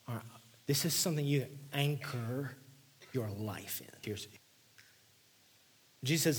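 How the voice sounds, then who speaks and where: Husky-voiced male pastor preaching intensely. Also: mid-range voice, lively intonation, unhurried, long pauses. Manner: intense, dropping to hushed near-whispers for emphasis. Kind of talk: sermon.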